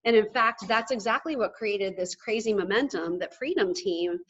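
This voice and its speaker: A woman giving an energetic motivational talk to a live audience, emphatic and often checking in with "okay?". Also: medium pitch, normal speed, lo-fi sound. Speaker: motivational speaker at a sales event.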